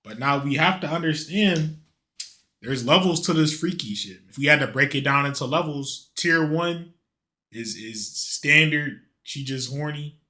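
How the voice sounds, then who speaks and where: A man's voice: on the high side, unhurried, bright, forceful tone. A man casually commenting on a video as a streamer, slangy and joking.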